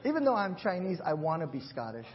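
A man's voice: on the high side, sing-song, quick pace, lo-fi sound, noisy background. A male pastor giving a conversational sermon, asking the congregation questions and joking about himself. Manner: jokes and laughs at himself. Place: church.

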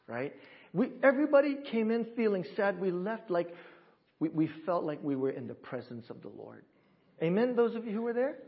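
A man in a church service, a pastor talking with his congregation in a lively, upbeat way and leading them through a greeting. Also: sits high, creaky, muffled recording. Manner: warm, upbeat, talks with the congregation and teaches them. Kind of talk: sermon.

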